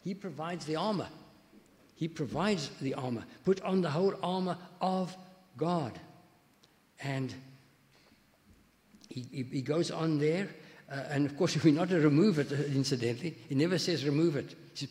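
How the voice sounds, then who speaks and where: A man's voice: fairly high pitch, normal speed, darkish tone. Man preaching with long hall reverb. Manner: conversational preaching with anecdotes and scripture reading. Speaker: pastor. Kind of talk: sermon.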